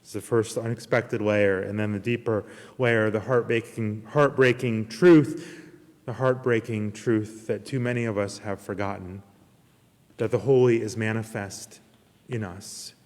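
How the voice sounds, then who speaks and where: Earnest minister preaching in a reverberant hall. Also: male voice, lowish voice. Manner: earnest preaching, slow emphatic pauses, retells a parable with lively character voices. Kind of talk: sermon. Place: church service streamed online.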